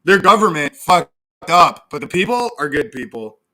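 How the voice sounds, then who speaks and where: A male livestreamer on a desktop mic, ranting sarcastically and swearing freely as he answers chat. His voice sits high and comes across bright and sharp. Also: big pitch swings, normal speed. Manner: profane, sarcastic, reads chat aloud. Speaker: livestream host. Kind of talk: casual livestream rant.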